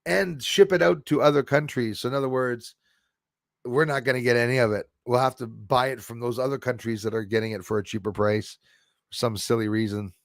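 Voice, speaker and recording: A man's voice: medium pitch, fairly even intonation, a little fast, creaky, no room sound, studio quality. A man hosting a live stream, chatting casually in a rambling way and answering viewer comments. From Quebec.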